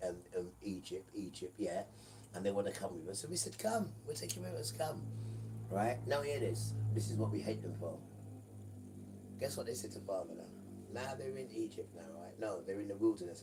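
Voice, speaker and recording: A man with a low voice preaches to his livestream viewers, circling back on his points and pressing them with quick questions. He swings into loud, emphatic bursts. The mic sits some distance off, with faint noise underneath.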